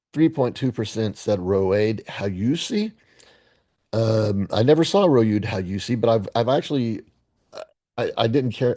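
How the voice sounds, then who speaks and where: A man with a lowish, warm voice hosts his daily movie guessing game video. His solo commentary is casual, full of rambling, profane sarcasm and stammered restarts.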